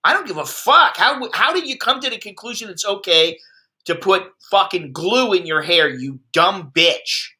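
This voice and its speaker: The voice sits high and sounds sharp and expressive at a normal speed. It belongs to an American expat livestream host whose news commentary is a blunt, sarcastic, profanity-laden rant.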